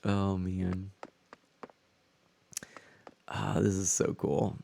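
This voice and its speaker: A man's voice: low voice, monotone, drawn-out words, vocal fry, warm tone, a little hiss or hum. Rambling, chatty male game streamer. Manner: chatty, rambling, stumbles over words. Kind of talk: casual chat while playing a game. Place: room at home. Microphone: new desk mic setup.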